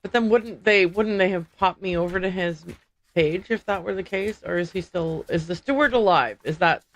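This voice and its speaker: A woman's voice: on the low side, steady tone, normal speed, rough recording. A woman livestreaming a video game, chatting casually and thinking aloud as she works out the puzzle. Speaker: streamer playing a video game.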